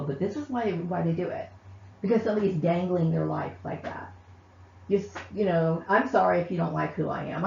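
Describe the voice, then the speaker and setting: A woman's voice: medium pitch, vocal fry, slight background noise. A woman hosting her own channel, ranting heatedly to camera and repeatedly asking "okay?". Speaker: channel host. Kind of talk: angry vlog rant to camera. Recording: echoey, distant, muffled room sound.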